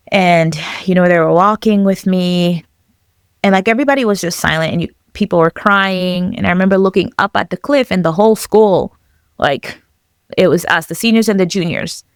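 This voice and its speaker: Low, reflective woman from Zambia. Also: clear, resonant tone, dry recording, clean studio sound. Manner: reflective, halting, with many fillers. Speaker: podcast guest. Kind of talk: personal storytelling.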